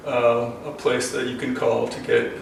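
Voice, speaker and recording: A man's voice: mid-range voice, flat delivery, a little slow, creaky. An older man, a self-defense instructor, talking earnestly and emotionally in a rambling way full of ums. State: emotional, choked up. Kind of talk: casual instructional talk to camera. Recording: very echoey, distant from the mic, faint noise.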